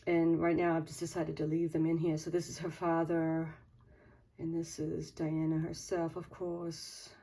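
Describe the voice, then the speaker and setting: A woman's voice: low-pitched, completely flat delivery, measured pace, mellow, no echo. A woman chatting casually as she films her cats and garden, cooing at them and sometimes talking under her breath. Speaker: vlogger. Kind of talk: casual vlog chat. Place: backyard outdoors, then indoors.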